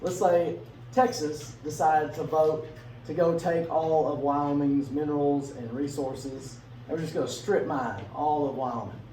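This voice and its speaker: A male teacher with a slightly high, mellow voice and fairly even intonation lectures casually in an echoey classroom. He asks the class questions and acts out quick bits in funny voices, recorded from a distance with faint room noise.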